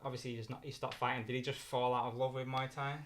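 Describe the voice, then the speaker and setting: A man's voice: mid-range voice, level tone, fast talker. A man hosting a podcast, putting short, casual questions to his guest. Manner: brief agreeing, short questions. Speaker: podcast host. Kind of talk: casual interview.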